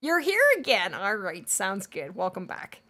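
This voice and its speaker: A woman's voice: mid-range voice, big pitch swings, unhurried, bright, forceful tone. A woman streaming a hunting game live, chatting casually and thanking viewers by name.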